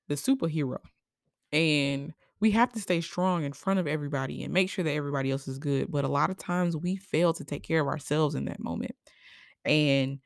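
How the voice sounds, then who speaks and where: A young woman hosting a personal podcast, speaking emotionally and haltingly, with many fillers, and at times crying. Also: low-pitched, no room sound, clean studio sound. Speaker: podcast host. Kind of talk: personal reflective monologue.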